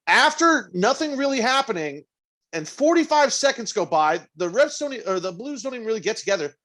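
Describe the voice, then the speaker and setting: A man's voice: very high voice, brisk. A man co-hosting a podcast in casual chat, telling a story with a lot of swearing and acted-out quotes. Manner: profane, animated storytelling with quoted asides. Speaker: podcast co-host.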